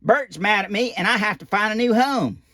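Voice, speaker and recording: A man's voice: high-pitched, animated, moderate pace, pushed and bright, dry recording, studio quality, voice pushed up. A man voicing a goofy, childlike male puppet in a folksy storybook reading. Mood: whiny.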